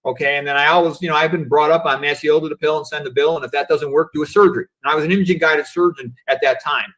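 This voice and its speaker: The recording is rough, capturing a middle-aged man with a fairly high pitch, steady tone, quick pace, and fairly bright timbre. He's a physician guest on a remote video call in a casual livestream interview, thinking aloud philosophically and repeatedly saying "you know" and "okay."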